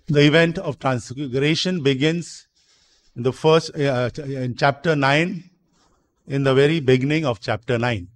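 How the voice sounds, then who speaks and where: A man preaching a sermon in a church, explaining slowly, repeating himself and asking rhetorical questions. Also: medium pitch. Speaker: priest.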